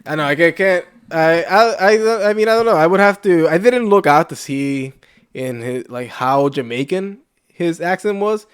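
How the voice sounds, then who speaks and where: A man co-hosts a loose podcast conversation, his voice sitting a little high. He rambles, restarting thoughts and filling gaps with "like.". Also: lively intonation, normal speed, clear, resonant tone. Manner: rambling, heavy use of "like", frequent restarts. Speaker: podcast co-host. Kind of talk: casual chat.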